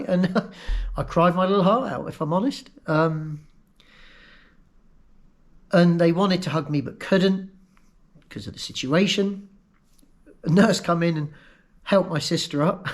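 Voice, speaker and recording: Man, slightly raised pitch, candid and emotional storytelling, halting in places. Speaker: vlogger recounting his own accident. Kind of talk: personal storytelling.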